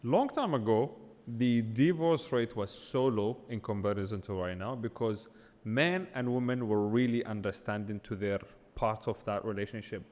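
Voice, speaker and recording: A man's voice: on the low side, moderate pace, few pauses, darkish tone, big-room sound. A man co-hosting a casual podcast, joking and then giving earnest opinions. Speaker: co-host.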